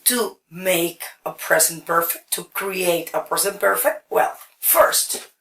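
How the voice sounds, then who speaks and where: Her voice is lowish and creaky, with a fairly bright tone, as she explains English grammar slowly and in steps. She checks in with "okay" again and again. The audio is echoey and roomy, captured from far away.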